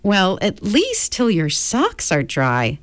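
A worried mother speaks quietly and evenly in a storybook reading, as a woman voices her. Her delivery is slow and unhurried. The sound is dry and close. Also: medium pitch, huge pitch swings, dry recording. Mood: concerned.

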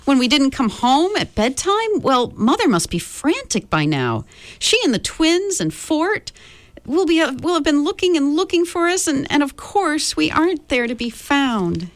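A woman's voice: high-pitched, sing-song, unhurried, no room sound, pitched above the performer's own voice, heavily acted. A woman voicing an anxious, plaintive teenage girl. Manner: worried, plaintive.

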